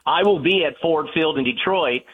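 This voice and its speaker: Excitable man on sports radio, husky. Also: fairly high pitch, normal speed, narrow, tinny audio. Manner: excitable, rambling, repeats words. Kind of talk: casual sports radio talk.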